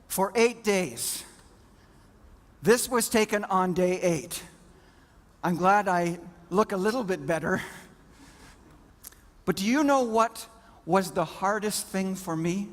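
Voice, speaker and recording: A man giving a storytelling keynote to a conference audience, dramatic, swinging from whispers to loud bursts. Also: high-pitched, big-room sound. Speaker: motivational keynote speaker.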